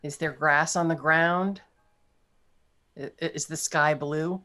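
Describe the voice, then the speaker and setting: A woman's voice: low voice, fairly even intonation, bright, forceful tone. Curious woman at a game table. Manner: curious, asks quick questions. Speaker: player. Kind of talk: casual tabletop play.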